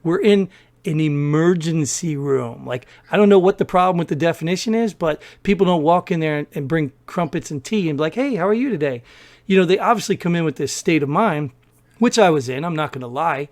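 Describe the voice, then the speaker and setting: Animated man telling a story. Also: fairly high pitch, a little fast. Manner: animated storyteller, acts out quoted people. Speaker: podcast co-host. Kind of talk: casual storytelling chat.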